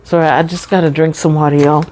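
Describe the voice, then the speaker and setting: A middle-aged woman talking slowly and deliberately in a personal vlog, carefully enunciating her words and chatting casually. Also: low voice, level tone, background noise. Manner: chatty, says y'all and you know. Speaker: vlogger.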